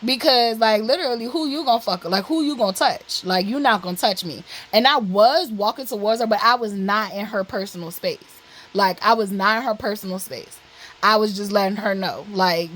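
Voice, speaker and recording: A woman's voice: medium pitch, normal speed, a bit bright, rough recording. A woman vlogger telling a personal story candidly, blunt and profane, with lots of "like" and "literally" fillers.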